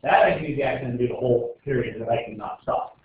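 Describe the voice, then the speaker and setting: A man's voice: medium pitch, very fast. A man teaching a chemistry class in a casual, joking way, rambling with lots of filler words. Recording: echoey room over a tinny, phone-like line.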